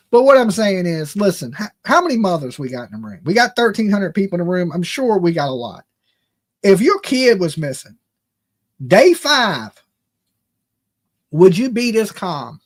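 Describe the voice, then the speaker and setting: Blunt opinionated middle-aged man. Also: high voice. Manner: blunt, opinionated, talks straight to chat. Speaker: true crime livestream host. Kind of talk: casual livestream commentary.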